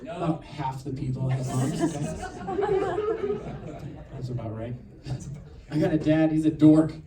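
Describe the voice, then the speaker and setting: A man doing a stand-up set, telling stories in an animated way and acting out other people's voices. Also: mid-range voice, measured pace, distant mic, a loud crowd. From New Mexico. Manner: animated storytelling with acted-out voices. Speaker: stand-up comedian. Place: theater stage with audience laughter. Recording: roomy theater sound from afar, audience noise.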